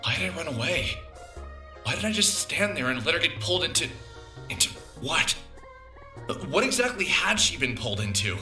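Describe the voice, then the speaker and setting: A man's voice: on the high side, very animated, moderate pace, long pauses, pushed and bright, echoey room, far from the mic, faint music behind, heavily acted. An actor playing a tired, guilt-ridden young man just out of college, reluctant in talk and brooding in his inner narration. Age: young adult. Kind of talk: game dialogue and inner narration.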